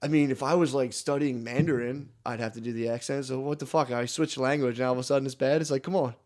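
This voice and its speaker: A man's voice: mid-range voice, steady tone, quick pace, darkish tone. Rambling, laughing young man swapping stories. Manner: rambling, laughing storyteller, heavy swearing. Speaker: podcast co-host. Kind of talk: casual chat.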